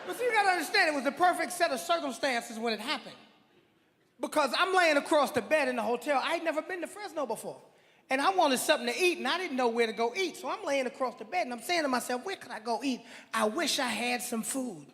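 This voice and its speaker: Man, high bright voice, self-mocking storytelling, live stage, audience. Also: animated, fast talker, big-room sound. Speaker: stand-up guest. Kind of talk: stand-up storytelling.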